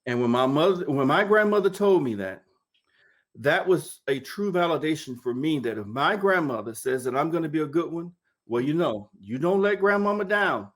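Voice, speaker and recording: A man's voice: fairly high pitch, lively intonation, normal speed. A man in his fifties from Mississippi, a nurse telling his life story in an oral history interview, acting out quoted dialogue over a video call. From Mississippi, United States.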